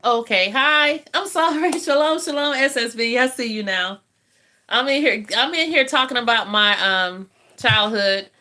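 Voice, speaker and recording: A woman's voice: a little high, unhurried, pushed and bright. An older woman with a Southern US accent, chatting and telling stories to live viewers while she eats, laughing often. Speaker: host of a live eating stream. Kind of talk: casual chat with live viewers.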